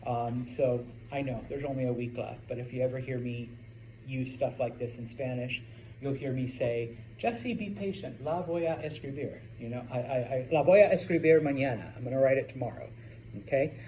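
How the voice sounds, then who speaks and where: A man's voice: medium pitch, steady tone, brisk, mellow, slight background noise, rough recording. A man teaching a Spanish class in a classroom, talking casually with many fillers and checking in with "okay?". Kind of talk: classroom lecture.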